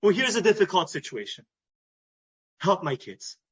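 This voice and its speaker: A man with a Canadian English accent giving an earnest personal talk at a recovery meeting, repeating phrases and pausing to restart. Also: sits high, sing-song, husky. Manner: earnest, repetitive, with pauses and restarts. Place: meeting hall. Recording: dull lo-fi recording.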